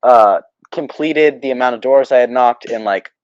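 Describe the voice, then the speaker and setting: A young man from Oklahoma, in his late teens, telling stories on a casual podcast, halting and restarting, then getting animated. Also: medium pitch, smooth, dry recording, dull audio. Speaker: podcast co-host.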